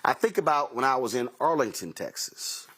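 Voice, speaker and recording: A man's voice: mid-range voice, animated, moderate pace, fairly bright tone, husky. A man hosting a talk show, telling anecdotes in an emphatic commentary monologue and acting out dialogue as he quotes himself and others. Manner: emphatic, repeats key phrases. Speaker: host.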